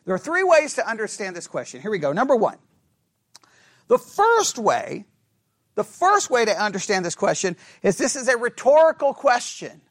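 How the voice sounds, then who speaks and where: A man teaching a Bible study class in an animated, conversational way, asking the class questions and correcting himself as he goes. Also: sits high, normal speed.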